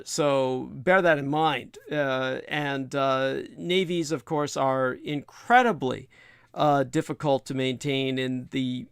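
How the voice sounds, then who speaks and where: A man's voice: fairly high pitch, no echo, clean studio sound. A man hosting a livestream, talking off the cuff in a blunt, emphatic way with frequent fillers and restarts. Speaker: livestream host. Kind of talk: unscripted monologue.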